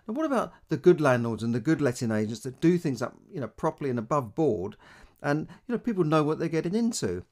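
A man's voice: a little high, sing-song, quick pace, a little mellow. Male podcast host, landlord, emphatic, worked up. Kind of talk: casual podcast commentary.

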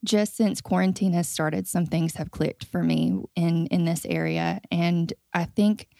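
Gravelly-voiced mother, thoughtful. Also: on the low side, steady tone, mellow, dry recording, clean studio sound. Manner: thoughtful, with "um" pauses. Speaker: guest, mother. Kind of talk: reflective conversation.

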